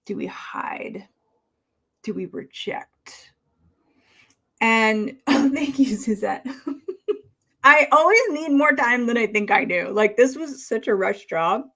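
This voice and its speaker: A woman's voice: a little high, lively intonation, sharp tone. A woman hosting a casual live stream, talking with a slight lisp from costume fangs, musing and trailing off as she speaks. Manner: slow, musing, trailing off and restarting. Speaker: livestream host.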